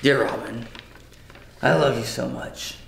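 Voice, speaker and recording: A man's voice: fairly even intonation, takes it slowly, vocal fry. A man playing a brooding, possessive bat vigilante in an amateur comedy sketch, reading earnestly in an echoey room. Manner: earnest, low-key reading. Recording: roomy echo, faint noise.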